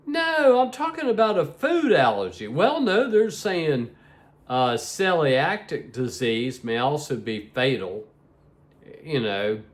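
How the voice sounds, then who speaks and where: Sleepy middle-aged male vlogger, rambling, slow talker with a lively, swooping pitch. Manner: rambling, repeats "like I said". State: sleepy, yawning. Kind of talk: casual vlog talk to viewers.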